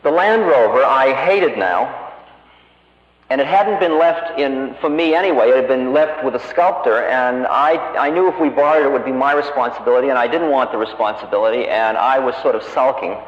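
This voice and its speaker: A man's voice: mid-range voice, normal speed. A man giving a lecture, telling a story from his own life in a wry, conversational, self-mocking way. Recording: roomy hall, dull lo-fi archive tape.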